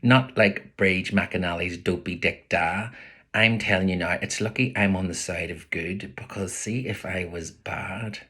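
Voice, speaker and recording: Husky Belfast man reading a novel. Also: low voice, measured pace. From Northern Ireland. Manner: lively voices for the characters. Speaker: author reading his novel.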